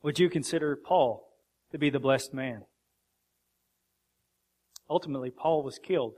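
A man's voice: medium pitch, moderate pace, a little mellow. A man preaching a sermon with emphatic rhetorical questions.

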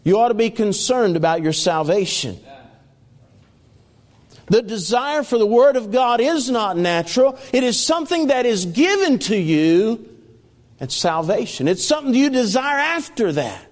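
A man's voice: very high-pitched, sing-song, unhurried, long reverb tail. A man preaching a sermon, reading scripture aloud and repeating key phrases with emphasis.

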